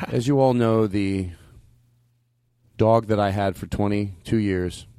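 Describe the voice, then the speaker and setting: A man doing rambling, deadpan comedic podcast banter. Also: lowish voice, slow pace, clean tone, no room sound, studio quality.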